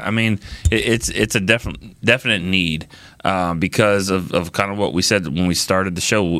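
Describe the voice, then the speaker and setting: Man, very low voice, dry sound, casual sports podcast chat, lots of restarts. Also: a bit bright, no echo. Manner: thinks aloud with many restarts. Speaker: podcast panelist.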